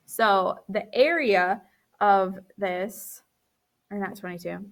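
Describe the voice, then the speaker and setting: A woman's voice: medium pitch, takes it slowly. A woman teacher walking through a recorded math lesson, counting aloud as she draws and correcting her own slips, tired and yawning.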